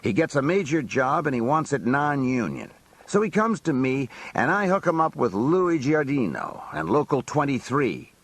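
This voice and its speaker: Male memoir narrator, husky, animated, streetwise. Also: medium pitch. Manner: colloquial, streetwise storytelling. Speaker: audiobook narrator. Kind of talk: first-person memoir narration.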